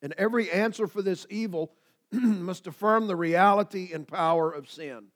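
A pastor preaching a sermon, swinging between loud declarations and quiet asides. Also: male voice, high-pitched, moderate pace.

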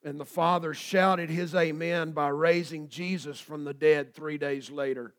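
A pastor preaching a sermon, swinging between loud declarations and quiet asides. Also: male voice, on the high side, fairly even intonation, measured pace.

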